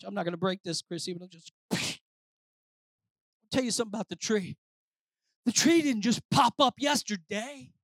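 A preacher delivering a sermon, swinging between shouted declarations and low, quiet lines, calling out to the congregation. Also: expressive, moderate pace, long pauses, no echo. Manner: calls out to the congregation.

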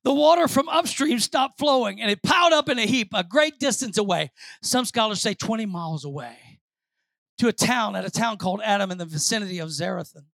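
A woman pastor preaching a sermon, moving between quiet asides and shouted, repeated phrases for emphasis. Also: mid-range voice, expressive, a little fast, vocal fry, dry recording.

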